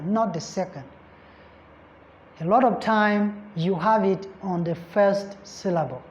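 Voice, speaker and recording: A woman tutoring for an English exam in a classroom lecture style, who repeats points, spells words out letter by letter and checks that listeners understand. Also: medium pitch. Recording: echoey room, slightly dull sound.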